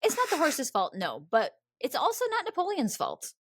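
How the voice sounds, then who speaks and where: A woman podcast host telling a history story in a casual, animated way, often acting out the people she describes. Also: high-pitched, moderate pace, no echo, studio quality.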